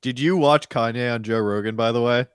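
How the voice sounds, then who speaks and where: A man guesting on a comedy podcast, crude and animated in his teasing. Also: mid-range voice, brisk, smooth, no room sound, studio quality. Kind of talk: casual comedic podcast chat.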